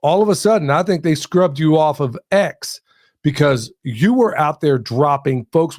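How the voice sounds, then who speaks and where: A male podcast host speaking with emphatic, hyped energy, often calling out to his listeners. His voice sits a bit high, recorded dry and close with no room sound. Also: darkish tone, no room sound. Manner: emphatic, hyped, addresses the audience directly. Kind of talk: podcast conversation.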